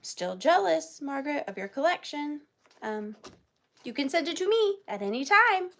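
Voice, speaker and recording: A young woman with a high, bright-sounding voice hosts a live vintage sale. She chats in a bubbly, playful way and greets her viewers one by one. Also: very animated, moderate pace, slight background noise. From Georgia, US. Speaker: online vintage seller hosting a live sale.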